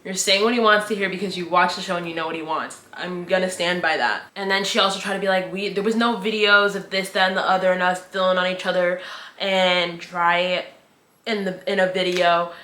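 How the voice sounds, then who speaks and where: A woman's voice: lowish voice, fairly even intonation, fairly quick, pushed and bright, roomy sound. A young woman giving a casual, opinionated recap of a reality show, full of slang and filler "like".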